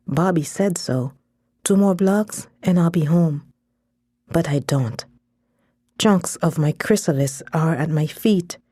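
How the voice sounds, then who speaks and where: A woman reading first-person fiction aloud in a measured, intense storytelling manner on a close studio mic. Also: deep voice, warm tone, breathy edge, dry recording. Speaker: story narrator.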